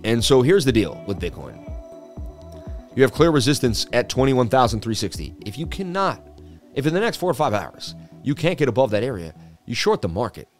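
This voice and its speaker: A man's voice: mid-range voice, very animated, fairly quick. Male livestream host, casual and chatty, mid-range voice, faint background music. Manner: chatty, reads viewer comments aloud. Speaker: crypto market livestream host.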